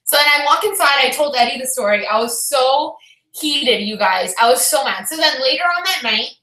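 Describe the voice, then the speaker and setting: A woman vlogger telling a story to her viewers in a loud, animated, excitable way. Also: sits high, normal speed, echoey room, low-quality recording. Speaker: vlogger host. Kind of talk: casual storytelling to the camera.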